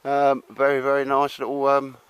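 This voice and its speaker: A man's voice: mid-range voice, completely flat delivery, normal speed, smooth, no room sound, dull audio. An older man chatting casually to camera at an outdoor campsite, rambling and laughing, calling everyone mate. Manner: matey, laughing, rambling with fillers. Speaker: vlogger. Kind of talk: casual chat.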